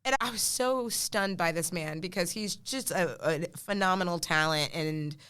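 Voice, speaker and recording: A woman telling an animated story in casual chat, acting out the lines of people she quotes. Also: lowish voice, normal speed, clean tone. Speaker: podcast guest.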